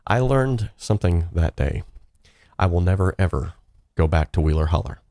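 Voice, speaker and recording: Deep-voiced man rambling through a casual livestream. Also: lively intonation, normal speed, mellow, no room sound, clean studio sound. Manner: rambling storyteller, many fillers and restarts. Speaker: host. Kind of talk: casual live-stream chat. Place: home studio.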